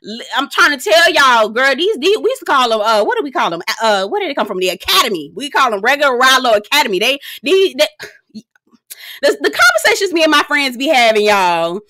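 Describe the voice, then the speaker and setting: A woman's voice: sits high, sing-song, fairly quick, sharp tone, no room sound. A young woman giving a casual, blunt and profane commentary on a reality show, laughing often and talking straight to her viewers. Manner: chatty, speaks straight to viewers.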